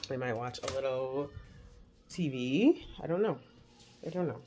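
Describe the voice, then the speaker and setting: With an extremely low, warm voice and lively intonation, a woman in her 40s chats unhurriedly while cooking breakfast in her home kitchen. This casual mom vlog is filmed on a camera set on the counter, with slight background noise.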